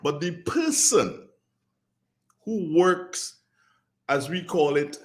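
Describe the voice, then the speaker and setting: Animated Grenadian radio host. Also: male voice, fairly high pitch, extremely slow. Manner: animated, preachy, repeats phrases for emphasis. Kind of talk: radio talk show commentary.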